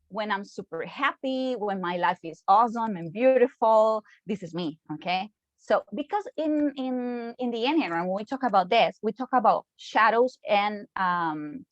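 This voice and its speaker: A woman's voice: mid-range voice, no echo, highs cut off. A woman with a Costa Rican Spanish accent, whose first language is Spanish, giving an online lecture in a chatty way and often checking in with "okay?". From Costa Rica.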